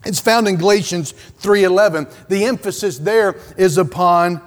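A male pastor preaching a sermon in a church, swinging between loud urgent calls and hushed, low passages. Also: normal speed, big-room sound. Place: church sanctuary.

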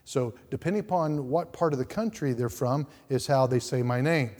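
A male pastor preaching a sermon in a church, repeating words and swinging from quiet asides to loud outbursts. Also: mid-range voice, moderate pace. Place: church sanctuary. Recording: reverberant church hall.

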